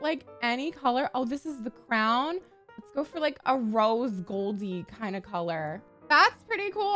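A young woman giving sassy, profane, excitable gameplay commentary, gasping often as she plays. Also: high-pitched. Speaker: gaming YouTuber.

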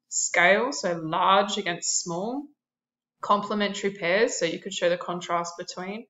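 Woman art teacher explaining slowly. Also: fairly low pitch, bright, forceful tone, roomy sound, highs cut off. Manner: explanatory, lists examples slowly with fillers. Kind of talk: classroom lesson narration.

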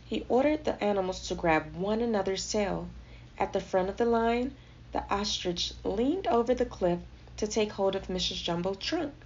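Expressive woman reading a children's story. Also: mid-range voice. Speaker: storybook reader. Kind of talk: children's read-aloud narration. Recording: slightly dull lo-fi audio with faint noise.

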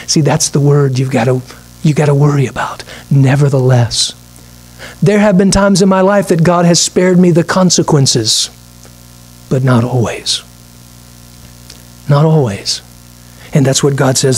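A man's voice: high voice, moderate pace, darkish tone. A man, a pastor preaching a midweek sermon, reading scripture aloud and acting out little asides.

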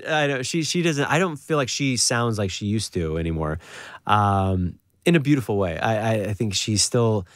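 A man, a singer and actor, talking casually as a radio guest, relaxed and chatty, often restarting his sentences. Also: medium pitch, no echo, studio quality.

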